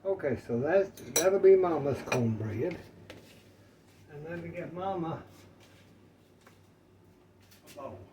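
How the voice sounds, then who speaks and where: An older man, rambling in a folksy way as he cooks in his kitchen. His voice is a touch higher than most men's and very unhurried. He sits back from the mic, with a faint hum in the room. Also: lively intonation, far from the mic. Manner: folksy, rambling, talks to viewers as y'all. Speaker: cooking vlogger. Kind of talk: casual home cooking chat. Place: home kitchen.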